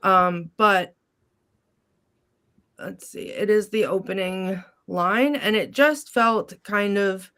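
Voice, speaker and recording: A woman's voice: mid-range voice, slow pace, bright, forceful tone, smooth. A woman co-hosting a podcast who speaks in a hesitant, thoughtful way. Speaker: podcast co-host. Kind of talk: casual chat.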